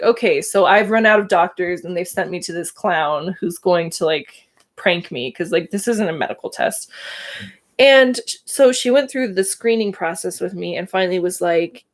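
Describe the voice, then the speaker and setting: Candid woman in her thirties. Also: on the low side. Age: 30s. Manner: candid, emotional, laughs between thoughts. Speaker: livestream host. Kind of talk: casual personal storytelling.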